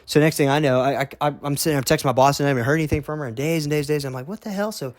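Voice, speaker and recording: Rapid-fire and fairly high-pitched, a man relates his own story in a casual, blunt monologue with a steady tone. He stresses his points, repeats himself, swears now and then, and often asks "okay?" The studio-quality audio has no echo.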